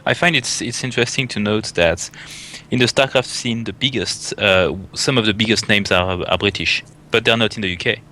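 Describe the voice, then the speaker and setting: A man in casual panel chat, telling animated stories full of fillers, restarts and swearing. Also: lowish voice, moderate pace, slight background noise. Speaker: barcraft event organizer.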